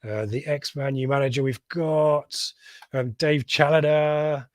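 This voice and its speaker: A man's voice: on the high side, fairly even intonation, measured pace, a little mellow, dry recording, studio quality. A man from England hosting a live fan podcast, reading out viewer comments with jokey asides. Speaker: podcast host. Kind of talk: live reaction stream chat.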